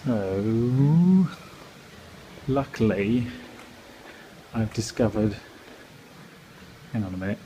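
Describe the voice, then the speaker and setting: Young male vlogger, casual walking commentary, a bit low, noisy ambience behind. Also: lively intonation, very slow, pauses often, mellow. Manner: chatty, self-mocking, walking while filming. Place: indoors and city streets.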